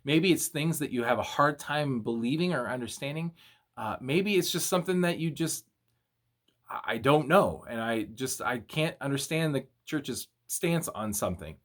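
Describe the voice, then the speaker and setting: A young man, a youth minister, giving a casual video devotional and retelling a story in an animated, slangy way. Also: medium pitch, moderate pace.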